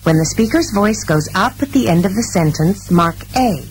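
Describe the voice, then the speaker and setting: Woman narrator on language lesson audio, careful clear reading, bit of hum. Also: mid-range voice, animated, normal speed, rough recording. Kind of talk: scripted instructional reading.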